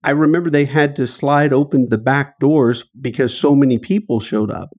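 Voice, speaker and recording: Gravelly-voiced man telling a painful story. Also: moderate pace, a little mellow. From Dayton, Ohio, US. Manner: earnest, emotional, rising pitch at painful moments. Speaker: guest author. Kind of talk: personal storytelling in an interview.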